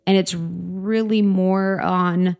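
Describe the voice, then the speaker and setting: A woman's voice: fairly low pitch, fairly even intonation, slow pace, vocal fry, a little mellow. A woman co-hosting a podcast, speaking reflectively in self-help terms with many casual fillers. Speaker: podcast co-host.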